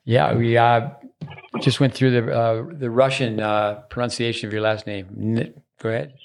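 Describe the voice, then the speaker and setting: A man's voice: mid-range voice, steady tone, moderate pace, a little mellow. A man hosting a tennis podcast, talking in a chatty, loose, rambling way while introducing a guest. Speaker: podcast host. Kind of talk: casual podcast chat. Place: resort.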